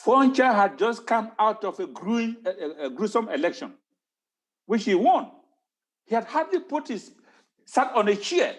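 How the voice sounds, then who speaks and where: A man's voice: high-pitched, sing-song, unhurried. A man giving an impassioned talk on history at an online town hall, stressing points by repeating words. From Cameroon.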